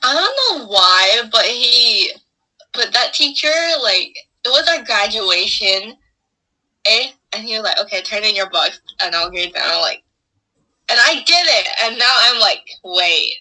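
A woman's voice: on the high side, expressive, a little slow, sharp tone, poor audio. A young woman in casual conversation, laughing and animatedly retelling school moments. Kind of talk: casual chat.

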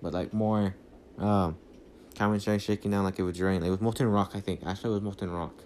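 Guy rambling about a movie into his phone, kinda low dark voice, faint hiss behind. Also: steady tone, quick pace. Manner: rambling, lots of fillers and restarts. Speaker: podcast host. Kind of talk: casual rambling movie recap.

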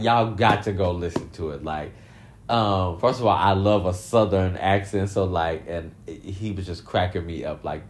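A man giving casual commentary, swearing freely and breaking into laughter often as he talks. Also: fairly low pitch. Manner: laughs often, profane, animated. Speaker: commentary vlogger.

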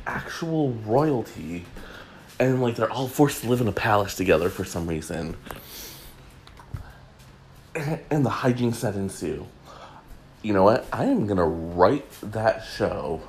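A man's voice: fairly low pitch, a little mellow, a little hiss or hum. A man hosting a podcast alone, rambling and joking in casual chat with lots of fillers. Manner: rambling, chatty, jokey, many fillers. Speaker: podcast host.

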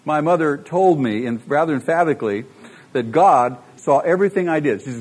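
A man's voice: fairly high pitch, animated, brisk, a little mellow, breathy edge. A middle-aged man preaching a sermon, emphatic and full of rhetorical questions to the congregation. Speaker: pastor.

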